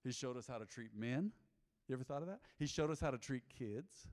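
A man preaching as a pastor in a church, emphatic, swinging between loud bursts and quiet asides, calling on the congregation to answer back. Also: brisk. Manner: emphatic, big swings in pitch and loudness; calls for congregation responses. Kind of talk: sermon. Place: urban church. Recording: long hall reverb in a church.

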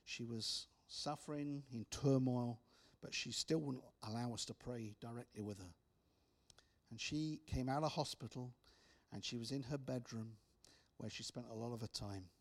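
A man preaching, telling personal stories with restarts and soft, hushed drops. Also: mid-range voice, moderate pace. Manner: storytelling with repeated restarts, soft dramatic drops. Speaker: speaker. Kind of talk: preaching testimony.

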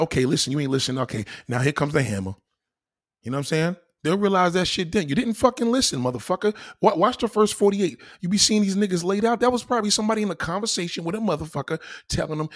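A man delivering a crude, profane comedic rant to his viewers, swinging between low mutters and loud high exclaims. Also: expressive, quick pace. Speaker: vlogger ranting to camera.

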